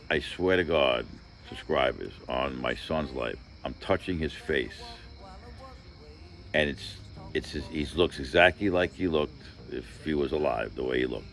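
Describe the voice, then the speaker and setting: Very deep-voiced man telling a story. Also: fairly bright tone. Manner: rambling, profane, heavy with filler phrases; earnest, emphatic. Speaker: vlogger. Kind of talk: casual personal storytelling.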